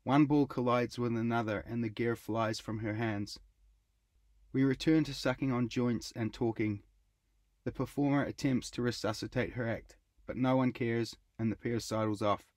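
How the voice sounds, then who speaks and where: A middle-aged man narrating his own travel writing in a measured, wry first-person reading. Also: mid-range voice, steady tone, darkish tone, no echo. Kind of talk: scripted audiobook narration.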